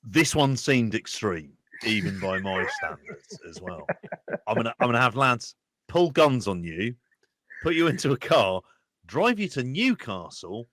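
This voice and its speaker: A man from London with a Cockney accent, co-hosting a podcast in jokey, animated banter. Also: mid-range voice, unhurried, dry recording. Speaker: podcast co-host. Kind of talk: casual chat.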